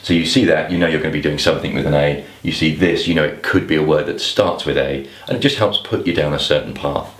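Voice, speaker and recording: Very deep-voiced man explaining clues. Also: fast, few pauses, echoey room. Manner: thinks aloud, with restarts and asides. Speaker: crossword tutor. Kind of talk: explanatory lesson to camera.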